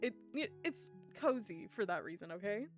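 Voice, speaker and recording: A woman streaming a game live, talking to her chat in an excitable, gushing way, laughing often and swearing casually. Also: mid-range voice, moderate pace, faint music behind.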